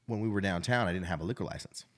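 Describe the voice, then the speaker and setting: A man's voice: low-pitched, racing. A man in his thirties, a restaurant owner, telling his life story in casual, frank conversation and often adding "right?". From Idaho.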